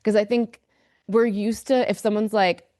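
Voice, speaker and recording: A woman's voice: medium pitch, steady tone, moderate pace, dark tone, no room sound, clean studio sound. A woman as a podcast guest, speaking candidly and emphatically, with a lot of fillers. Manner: earnest, emphatic storyteller, many fillers.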